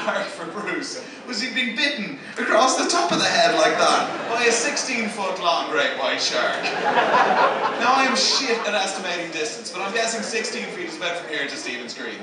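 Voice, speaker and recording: An Irish man doing a stand-up comedy set, telling stories and working the crowd in a lively, profane way, in a large theatre. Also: high voice. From Ireland. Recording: echoey theatre, distant mic, crowd noise.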